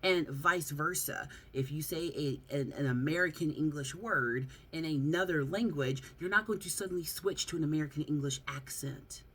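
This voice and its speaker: A woman with a Southern accent, talking casually on her vlog about her figure collection, chatty, prone to rants and quick to laugh. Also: low-pitched, fairly bright tone, slightly rough. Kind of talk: casual chat.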